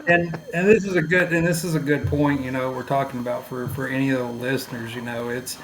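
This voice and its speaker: A man's voice: medium pitch, steady tone, fairly quick, reverberant, a crowd in the background, poor audio. A man from East Texas, a podcast guest talking candidly in casual conversation, with swearing and self-deprecating humor.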